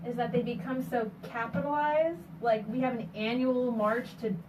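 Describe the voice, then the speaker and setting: A woman's voice: a little high, fairly even intonation, moderate pace. A woman in her twenties, a guest in a casual group discussion, eagerly chiming in. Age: 20s. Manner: eager, chiming in with short agreement. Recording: noisy, distant room mic.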